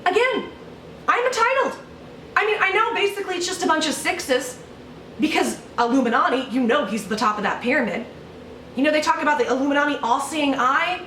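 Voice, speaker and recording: A woman's voice: sits high, brisk, fairly bright tone, roomy sound, recorded from a distance, a little hiss or hum. A woman YouTuber doing a sarcastic, mock-outraged vlog rant, full of swearing, recorded at home. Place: home room.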